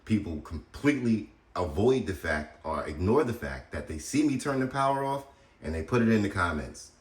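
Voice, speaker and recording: Low-voiced diy guy talking to the camera, blunt and chatty, roomy echo around him. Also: lively intonation, fairly quick. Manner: blunt, chatty, addresses viewers directly. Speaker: DIY solar video host. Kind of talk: casual how-to demonstration. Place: house interior, laundry area.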